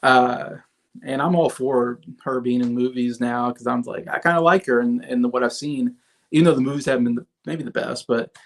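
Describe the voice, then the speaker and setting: A man's voice: mid-range voice, fairly even intonation, moderate pace. A man in his thirties hosting a casual livestream, reviewing movies in a rambling way with many fillers and restarts and chatting with viewers. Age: 30s. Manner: chats with viewers in the comments.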